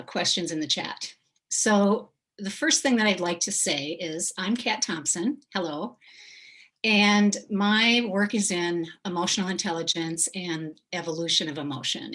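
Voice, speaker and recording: A woman speaking on a video call, giving a calm, explanatory presentation with frequent pauses and ums, her voice a little low on energy today. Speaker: speaker on emotional intelligence. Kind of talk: online presentation to a congregation.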